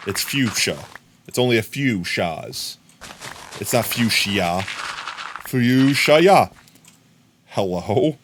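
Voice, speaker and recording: A man's voice: fairly low pitch, animated, slow pace, long pauses, background noise. A man live-streaming a game, chatting casually and goofily riffing on silly words as he plays.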